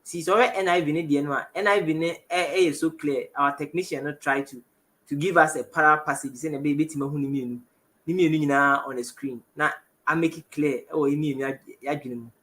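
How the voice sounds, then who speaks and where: Bright-voiced Ghanaian man teaching scripture. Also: fairly high pitch, fairly even intonation. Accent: Ghanaian English. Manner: halting, self-correcting, reads verses aloud. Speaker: Bible teacher. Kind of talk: television Bible teaching. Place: television studio.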